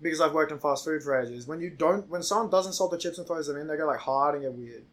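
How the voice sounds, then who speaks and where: A man's voice: fairly high pitch, fast. A man with an Australian accent, co-hosting a podcast in casual banter among friends, blunt and swearing freely as he tells stories. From Townsville, Australia. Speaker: podcast co-host.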